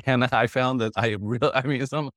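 A man's voice: mid-range voice, measured pace, a bit bright, no room sound, studio quality. A man in his fifties hosting a podcast, talking in a jovial, rambling way and laughing often. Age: 50s. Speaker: podcast host. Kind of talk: conversational interview.

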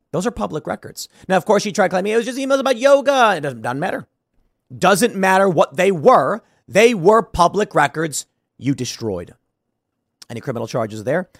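A man's voice: sits high, no echo, studio quality. A man hosting a solo political commentary show, sarcastic and combative, firing off rhetorical questions.

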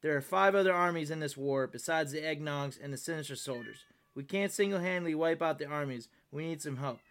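A man's voice: fairly high pitch, brisk, fairly bright tone. A man voicing Mike, a scheming monkey who leads the team, speaking like an earnest planner in a homemade storybook reading. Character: scheming male monkey leader, easily annoyed.

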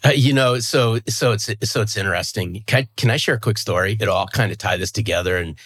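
A man's voice: lowish voice, fairly quick, a bit bright. A man in his fifties, a guest in an interview, talking earnestly and with emphasis, often restarting and repeating words. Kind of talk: conversational interview.

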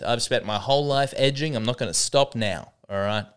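A man around thirty with an Australian accent, a comedian hosting a podcast, telling stories in a rambling, animated way with lots of restarts. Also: fairly low pitch, moderate pace, hardly any pauses, smooth. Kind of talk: casual comedic monologue.

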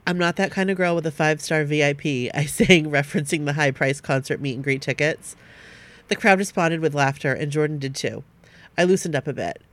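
A woman's voice: sits low, fairly quick. Woman co-host reading listener stories. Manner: steady reader who breaks off to chat. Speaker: podcast co-host.

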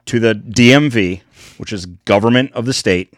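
Low-voiced casual host man. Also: no echo, studio quality. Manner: relaxed, quick short reactions, sums things up. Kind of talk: casual chat.

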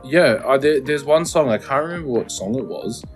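A man's voice: medium pitch, lively intonation, brisk, soft background music. A man co-hosting a casual podcast, rambling and swearing as he chats. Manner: rambling, sweary, self-mocking. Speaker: podcast co-host. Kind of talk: casual chat.

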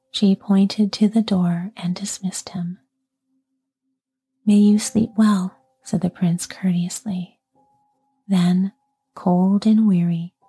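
A woman reading a fairy tale aloud in a soft, calm whisper. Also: medium pitch, husky. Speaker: storyteller. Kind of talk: whispered storytelling.

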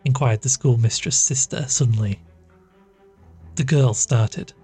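A man reading a classic story aloud as storyteller, in a measured, steady manner. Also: medium pitch, breathy edge. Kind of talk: scripted narration of a classic story. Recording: faint background music.

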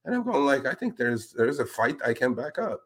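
A podcast host with a mid-range voice hosts a talk show, giving casual, animated commentary at normal speed. It turns indignant as he calls out politicians with a pointed "sir."

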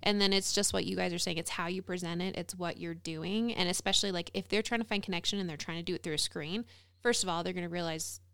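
A woman guest on a podcast with a lowish voice full of gravelly fry, reasoning her points out aloud in a calm, casual way. The sound is dry, with no room echo. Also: quick pace. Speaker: teen therapist, guest.

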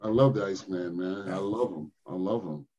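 An older man from Philadelphia, a former pro basketball player, telling animated stories in an interview. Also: low voice, a little fast. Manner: animated storyteller, acts out quotes with laughs. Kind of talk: storytelling interview.

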